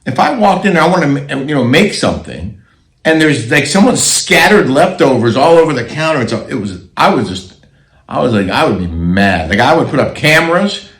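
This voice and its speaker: A middle-aged man co-hosting a casual chat show, telling a story in a relaxed, chuckling way. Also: medium pitch, brisk, reverberant, low-quality recording. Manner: relaxed anecdotal storyteller, chuckles between lines. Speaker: co-host.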